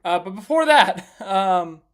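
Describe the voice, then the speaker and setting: A man's voice: high voice, expressive, slow, a bit bright. A young man hosting a casual live stream, chatting and joking as he recaps racing and greets viewers by name. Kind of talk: casual motorsport recap chat.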